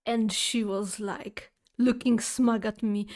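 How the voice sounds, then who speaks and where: High-voiced woman telling a slow story. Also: steady tone, a little mellow. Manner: chatty, exaggerated ranting storyteller; halting phrasing with fillers and restarts. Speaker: streamer chatting with viewers. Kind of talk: casual storytelling chat.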